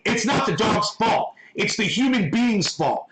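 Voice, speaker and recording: A man's voice: high-pitched, big pitch swings, a little slow, few pauses, background noise. A man hosting a casual livestream, ranting with heavy swearing while reading and answering chat. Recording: echoey room.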